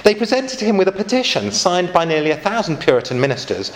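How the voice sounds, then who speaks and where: A man's voice: high voice, very animated, fast. A man giving an informal church history lecture, adding chatty asides and asking his listeners questions.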